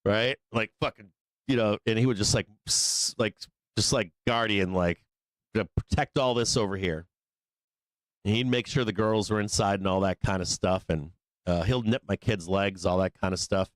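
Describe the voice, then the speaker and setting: Hosting a live trading show from a studio office, a man tells a long story in a casual, profane, rambling way, laughing often between lines. His pitch is fairly low, his pace moderate, with no echo.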